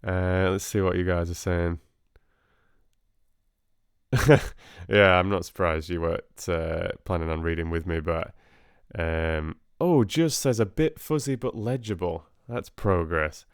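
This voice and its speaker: A man's voice: deep voice, a little slow, clear, resonant tone, dry recording, clean studio sound. A man hosting a live reading stream, chatting casually and hesitantly with many fillers.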